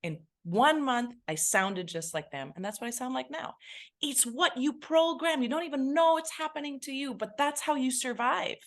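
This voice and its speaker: Animated woman with a lively voice. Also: high voice, normal speed. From England. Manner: animated, acts out remembered voices. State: emotional, near tears. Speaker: podcast guest, TV presenter. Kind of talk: personal storytelling in conversation.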